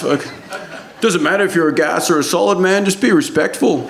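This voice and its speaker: A man's voice: fairly high pitch, a little fast, reverberant, crowd noise. A male stand-up comedian doing a rambling, profane routine, laughing through his lines.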